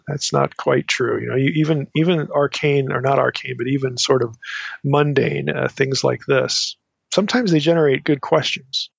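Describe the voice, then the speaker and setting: Male Bible teacher, halting and digressive, dull dry lo-fi recording. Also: medium pitch, creaky, breathy edge, dry recording. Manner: halting, many restarts and asides, reads quotes from commentaries. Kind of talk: unscripted Bible study lecture.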